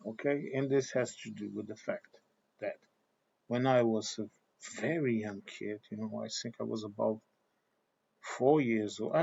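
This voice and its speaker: A man, an English speaker, giving his views in a thoughtful monologue and pausing to find his words. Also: mid-range voice, gravelly, dark tone. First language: Portuguese. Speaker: vlogger. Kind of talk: opinion monologue. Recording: dull lo-fi recording.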